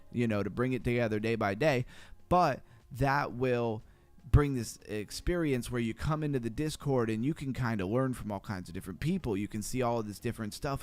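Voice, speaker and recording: A man hosting a crypto livestream, talking fast and chatty as he walks through charts and greets viewers. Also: medium pitch. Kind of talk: casual livestream chart analysis.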